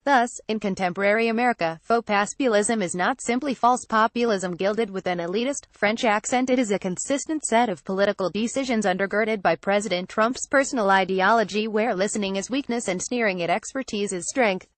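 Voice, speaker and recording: A woman narrates a political commentary piece in a steady, measured reading voice. Her pitch sits in an ordinary middle range. The recording is dry and close, with no room sound. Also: no room sound. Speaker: narrator reading an opinion article. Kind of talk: scripted narration.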